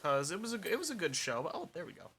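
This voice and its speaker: A man's voice: a little high, wildly swooping pitch, quick pace, creaky, fairly bright tone, slightly rough. A young man chatting casually while streaming a game, rambling and poking fun at himself as he mutters along. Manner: rambling and self-mocking, mutters while playing. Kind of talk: casual gameplay chat.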